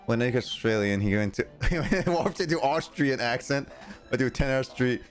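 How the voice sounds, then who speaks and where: A man's voice: medium pitch, normal speed, faint music behind. A young man chatting casually while streaming a game, rambling, reading viewer messages aloud and laughing often. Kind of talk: casual live-stream chat while gaming.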